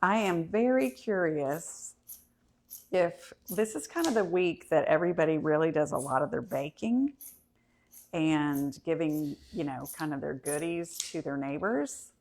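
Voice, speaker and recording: A middle-aged woman with a fairly low voice chats warmly with her viewers, curious and full of questions for them. Faint background noise sits under the recording. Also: animated, a little slow. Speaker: cooking channel host. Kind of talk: casual live-stream chat.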